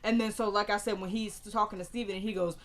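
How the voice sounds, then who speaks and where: A woman giving a casual, animated recap of a TV episode, slangy and opinionated as she tells the story. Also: mid-range voice, quick pace, soft background music.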